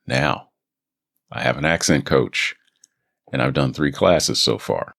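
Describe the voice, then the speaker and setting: A man who hosts a voice acting podcast, talking in a relaxed, rambling way with small restarts. He talks on a studio microphone in a home booth. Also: extremely low pitch, slow, gravelly, long pauses, dry recording. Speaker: voice actor and podcast host. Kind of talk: casual solo podcast chat.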